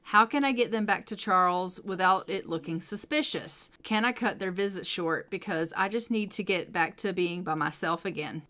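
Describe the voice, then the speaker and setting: A woman's voice: lowish voice, moderate pace, hardly any pauses, bright, forceful tone. A woman voicing an anxious, overwhelmed young mother in a life-sim game, speaking in a fretful, self-doubting way. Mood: desperate. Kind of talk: let's play narration.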